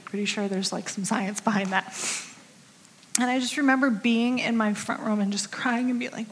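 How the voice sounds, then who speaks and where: Woman, 50s, women's ministry speaker, higher voice, candid and self-deprecating, recorded in a church hall with long reverb. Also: steady tone, moderate pace, slight background noise. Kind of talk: conversational sermon.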